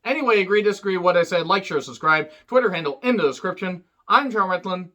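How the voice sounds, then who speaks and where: A man with a fairly high, bright, forceful voice talks through a film review in a loose, offhand way. He rambles, swears freely, drops wisecracks and fills the gaps with "you know" and "uh". When he acts out the characters' lines, his pitch jumps up. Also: expressive, fast. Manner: rambling and profane, with many fillers and wisecracks. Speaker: movie reviewer. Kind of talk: casual spoken film recap.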